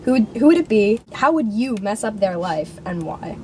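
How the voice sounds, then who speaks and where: A woman's voice: medium pitch, sing-song, normal speed, darkish tone, slight background noise. A woman interviewer reading fan questions aloud in a playful, teasing way.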